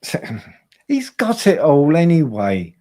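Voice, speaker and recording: A man's voice: a little high, huge pitch swings, slow pace, warm tone. Blunt, profane male livestream host. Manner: blunt, profane, repeats himself. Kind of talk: casual livestream chat.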